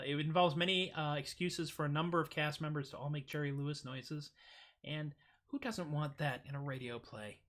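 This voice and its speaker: A middle-aged man signs off his own livestream in a loose, rambling way. He jokes, trails off and fills gaps with ums and uhs. His voice is bright and forward. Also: fairly high pitch. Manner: rambling and jokey, with fillers. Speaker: livestream host. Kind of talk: casual livestream sign-off.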